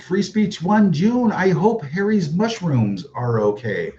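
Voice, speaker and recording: A man's voice: a little high, big pitch swings, slow, mellow. A man hosting a casual livestream, reading viewer comments in a mocking, sarcastic way and chuckling often. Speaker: livestream host reading chat. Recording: dull lo-fi livestream audio with faint noise.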